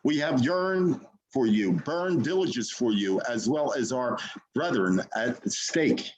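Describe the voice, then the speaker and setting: A man poet on a video call who gives a hesitant spoken preface and then recites a poem in an earnest, measured way. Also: medium pitch, animated, low-quality recording. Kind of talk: poetry reading.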